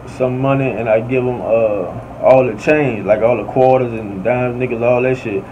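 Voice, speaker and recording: In a mellow mid-range voice, a New Orleans-accented podcast storyteller spins a casual, slang-filled tale, repeatedly asking "you hear me". The recording is slightly dull, with an air conditioner faintly humming.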